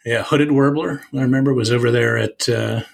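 A man, a birding tour leader, telling an old story in casual chat, animated and repeating himself with lots of filler phrases. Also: medium pitch, fairly quick, gravelly.

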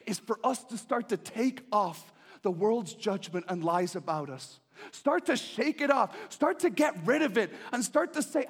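Impassioned high-voiced male preacher. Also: breathy edge. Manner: impassioned, swings from hushed to shouting; repeats pleading phrases. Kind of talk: sermon.

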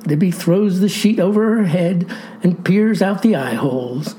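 A woman's voice: fairly low pitch, unhurried, dark tone, low-quality recording. A woman reading a satirical comedy script, with a theatrical, mock-grand delivery. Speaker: narrator.

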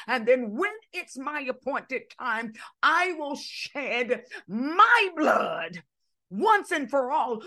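Impassioned woman preaching a sermon. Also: high voice. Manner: impassioned, shouts and drops to hushed asides.

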